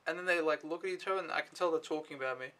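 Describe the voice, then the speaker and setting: A man's voice: a little high, rapid-fire, bright, forceful tone. A young man telling his day in a casual vlog, rambling and offhand, swearing freely. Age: young adult. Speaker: au pair vlogger.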